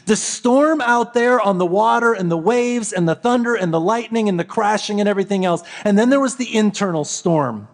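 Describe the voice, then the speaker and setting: A man giving a Christmas Eve sermon as a pastor, telling a story with repeated phrases that build and then fall soft. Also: high voice, lively intonation, moderate pace, hardly any pauses.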